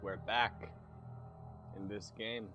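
A man's voice: lowish voice, level tone, slow pace, dull audio, music in the background. A man hosting a gaming channel, talking through a game in a casual let's-play commentary with crude, sarcastic jokes. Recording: noisy background.

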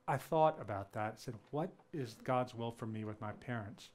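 Man, mid-pitched voice, earnest lecture tone, storytelling, lively pitch jumps on quoted lines. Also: normal speed, few pauses. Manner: earnest, retells dialogue with lively shifts in pitch. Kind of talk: public lecture with personal storytelling. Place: lecture event before an audience.

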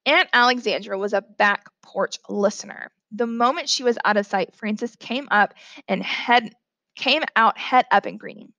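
A woman reading a novel aloud in a plain, steady storytelling manner. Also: a little high, moderate pace, no echo, highs cut off. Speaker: reader.

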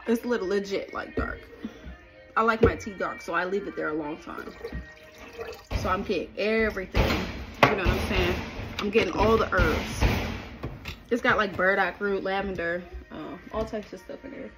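A woman's voice: mid-range voice, moderate pace, over loud music. A woman vlogging in casual chat, rambling with fillers, then switching to sing-song baby talk with her little son.

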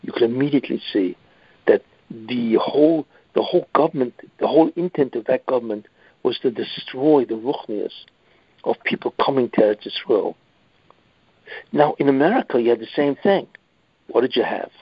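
A rabbi giving a weekly lecture in an emphatic manner, often adding "you see". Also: male voice, mid-range voice, normal speed, slightly rough, dry recording. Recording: dull lo-fi dry recording.

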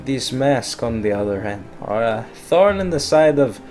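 A man's voice: mid-range voice, lively intonation, measured pace, a little mellow, soft background music, close to an everyday voice. A man voicing a polite, scheming male crime boss in an overdone put-on Italian accent while reading game dialogue aloud. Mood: suave.

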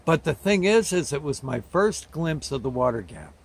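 A man from New Jersey with a somewhat high-pitched voice recalls an old memory in loose, casual storytelling. His talk is folksy and rambling, with plain homespun words. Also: sing-song, normal speed, gravelly, husky. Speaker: host telling a childhood memory.

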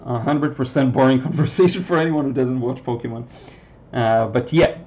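A man's voice: mid-range voice, moderate pace, darkish tone. A man, a Hebrew speaker, chatting casually on a painting livestream and answering questions with many ums. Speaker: watercolor artist hosting a livestream. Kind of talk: casual live chat while painting.

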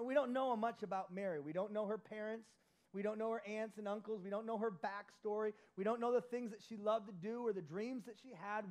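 A man preaching a sermon as lead pastor, animated, moving between loud emphasis and soft, close passages. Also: high voice, low-quality recording. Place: church.

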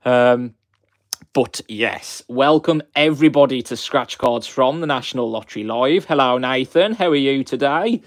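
A young man with a broad Black Country accent hosts a live stream, greeting viewers one by one in a chatty, effusive way. His voice sits at an ordinary middle pitch. The sound is dry and close, with no room around it. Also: normal speed, no echo. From West Midlands, England.

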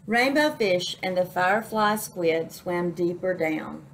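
Slow, expressive woman reading a children's story. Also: on the low side, a little hiss or hum, poor audio. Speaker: children's librarian reading aloud. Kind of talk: children's story read-aloud.

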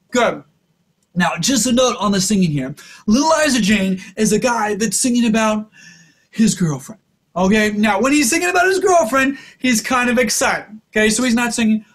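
Male music teacher for kids, very high-pitched, upbeat and instructive, speaks straight to the children. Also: animated, moderate pace, fairly bright tone. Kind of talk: kids' music lesson.

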